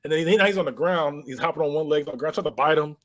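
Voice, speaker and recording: Rapid-fire and fairly high-pitched, this man co-hosting a podcast runs through a film scene by scene in a casual recap chat. He's animated, using sound effects and bursts of laughter.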